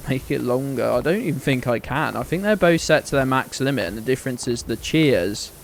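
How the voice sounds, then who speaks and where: A man's voice: mid-range voice, animated, brisk, gravelly, slight background noise. Man, game streamer, casual chat, playful, sweary. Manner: chatty, playful, swears freely.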